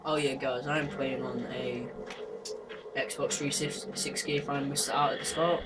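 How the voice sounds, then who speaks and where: A young male gaming YouTuber with a mid-range, flat, unhurried voice commentates a horror game in a noisy home recording. He is jumpy and nervous, screaming at the scares and taunting the monster.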